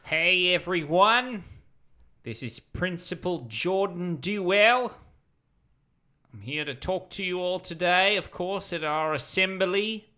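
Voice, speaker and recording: Man doing a school principal, Australian accent, crude, swearing, bright voice. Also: high-pitched, expressive, takes it slowly, clean tone, heavily acted. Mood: gruff. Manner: swearing, bossy. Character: crude foul-mouthed male school principal. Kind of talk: tabletop role-play comedy.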